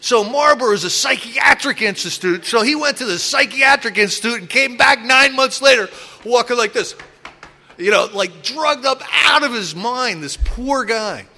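A middle-aged man in recovery telling stories from his drinking past in a casual, animated way, acting out other people loudly and restarting his sentences often. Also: extremely high pitch, moderate pace. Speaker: recovering alcoholic sharing his story. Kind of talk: casual storytelling talk.

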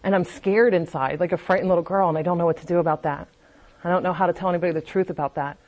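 A woman's voice: on the low side, fairly even intonation, racing, a little mellow. Candid woman giving a testimony talk. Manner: candid, confessional, with frequent restarts. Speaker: speaker at a recovery meeting.

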